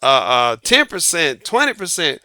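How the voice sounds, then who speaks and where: A man's voice: a little high, very animated, moderate pace, bright, forceful tone, dry recording, studio quality. A man giving dating advice in a folksy, emphatic casual monologue. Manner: folksy, emphatic, laughs at own jokes.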